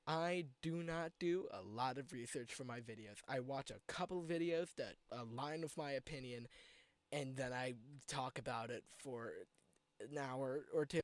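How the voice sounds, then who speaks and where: A man hosting a comedy vlog, ranting in an exasperated, sarcastic way and breaking into shouts. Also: mid-range voice, moderate pace, no room sound. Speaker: host.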